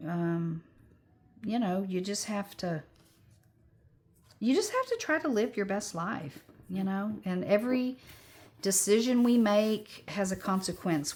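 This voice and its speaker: A woman's voice: lowish voice, a little hiss or hum. A woman of sixty chatting casually as she crafts at home, rambling and upbeat. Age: 60s. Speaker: crafting vlogger.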